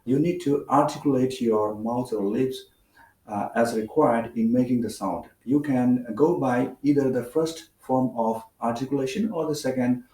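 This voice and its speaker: Indian-accented male tutor, mellow tone, mic off at a distance, roomy echo, light hum. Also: medium pitch. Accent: Indian English. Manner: measured, explanatory with frequent "uh" fillers. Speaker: English teacher. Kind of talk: spoken English lesson.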